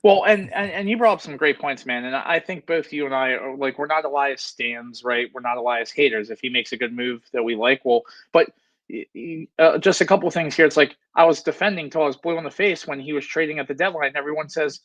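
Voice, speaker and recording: A man hosting a casual sports chat, talking fast and animated about his team. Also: on the high side, no echo. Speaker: podcast host. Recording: dull, lo-fi, dry sound.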